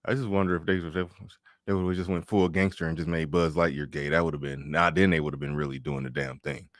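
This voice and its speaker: A man's voice: sits low, fairly quick, vocal fry, no echo, clean studio sound. A man hosting a podcast in casual political chat, loose and profane, laughing often and restarting his sentences. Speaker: podcast host.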